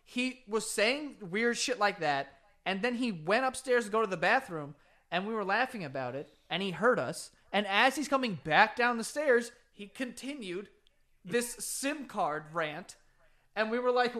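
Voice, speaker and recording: A man in his twenties chatting on a podcast, his voice pitched high and ringing bright. He tells stories with energy and lets the swear words fly freely in casual talk. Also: unhurried. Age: 20s. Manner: animated storyteller, swears freely. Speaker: podcast co-host. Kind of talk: casual chat.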